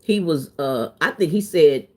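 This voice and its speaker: A woman in her thirties tells personal stories in a loose, chatty vlog manner. Her voice sits on the low side, and she leans hard into emphasis. Her delivery stays animated throughout. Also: measured pace, slightly rough. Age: 30s. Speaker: vlogger. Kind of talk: casual storytelling chat.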